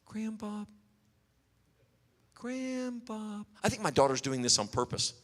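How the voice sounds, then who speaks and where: A man preaching a sermon, telling animated stories and acting out quotes. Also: mid-range voice, quick pace. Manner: storytelling, animated, acts out quotes. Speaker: pastor. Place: church hall. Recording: long hall reverb.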